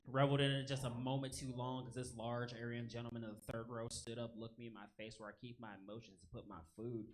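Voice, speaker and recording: A man in his early thirties performing a stand-up set on a club stage, with punchy delivery, shouted punchlines and quick laughs at his own jokes. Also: mid-range voice, flat delivery. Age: 30s. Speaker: stand-up comedian. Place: comedy club stage with live audience laughter.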